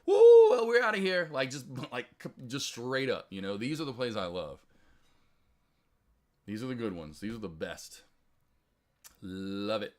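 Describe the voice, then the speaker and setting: Bright-voiced excitable male stream host. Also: fairly low pitch, a little slow, long pauses. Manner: excitable, chatty, quotes others in loud outbursts. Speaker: stock trading livestream host. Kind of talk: casual live-stream chat to viewers.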